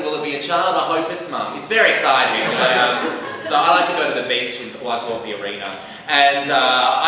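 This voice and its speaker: A man's voice: mid-range voice, background noise. A young Australian man doing stand-up, telling self-mocking stories with lots of ums and a sassy edge, live on a theatre stage. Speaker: stand-up comedian. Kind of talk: stand-up storytelling. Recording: echoey hall, mic from far off.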